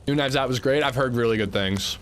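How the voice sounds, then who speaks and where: A man's voice: medium pitch, a little fast, a bit bright, a little hiss or hum. A man streaming a game, casually chatting with his viewers and swearing when something annoys him. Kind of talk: casual livestream chat while gaming.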